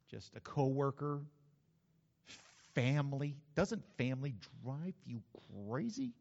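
A man preaching a sermon as pastor, lively and conversational with asides to the congregation. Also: mid-range voice, normal speed. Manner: animated preaching with asides and acted-out quotes. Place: church sanctuary. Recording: dull sound with long hall reverb.

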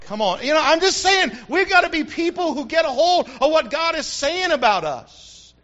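A male pastor delivering an animated sermon, repeating phrases for emphasis and building up to shouts. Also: very high voice, normal speed, highs cut off.

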